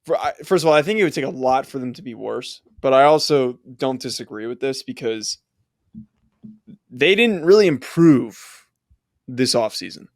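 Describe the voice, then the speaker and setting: A man co-hosting a sports podcast in casual chat, blunt and opinionated, talking in quick bursts. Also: mid-range voice, expressive, no echo, studio quality. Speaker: podcast co-host.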